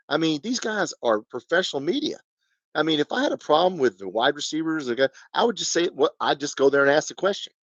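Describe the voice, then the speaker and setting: A man in his fifties hosts a live fan-channel stream, delivering a rambling sports rant packed with rhetorical questions. His voice is a little high with big pitch swings and a quick pace, and the audio is dull with no echo.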